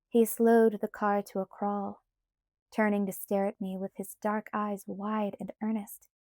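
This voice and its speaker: A woman narrating a first-person novel as an audiobook with an expressive, measured reading. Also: medium pitch, dry recording, studio quality.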